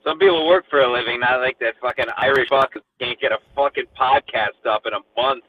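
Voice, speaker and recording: A man's voice: medium pitch, brisk. A brash man calling into a crude podcast chat, swearing bluntly. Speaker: caller. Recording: tinny phone line with faint noise.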